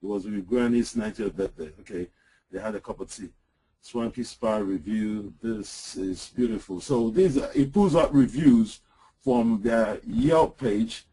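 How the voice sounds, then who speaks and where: Husky-voiced man demoing software, halting. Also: fairly low pitch, rough recording. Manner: hesitant, lots of "uh" and "um". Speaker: webinar presenter. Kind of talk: software demo over screen share. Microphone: computer mic on an online call.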